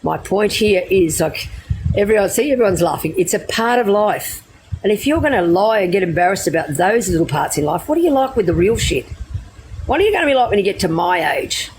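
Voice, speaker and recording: A woman's voice: medium pitch, lively intonation, a little fast, darkish tone, a little hiss or hum, rough recording. A middle-aged Australian woman telling stories to her live viewers in a blunt, laughing way, swearing freely. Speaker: livestreamer. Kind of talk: casual storytelling to live viewers.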